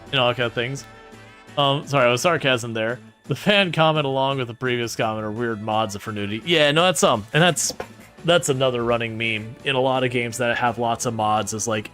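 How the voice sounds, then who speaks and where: A man chatting casually with viewers while streaming a game, sarcastic and animated. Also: mid-range voice. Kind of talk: casual gaming livestream chat.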